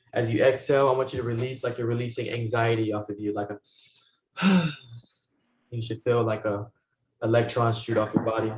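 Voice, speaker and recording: A man teaching as a spiritual guide, talking listeners through a meditation in soft, slow, repeated phrases that often sink to a hush. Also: fairly low pitch. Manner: soft-spoken, slow, repetitive guidance, often dropping to a hush. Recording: roomy, dull recording with faint noise.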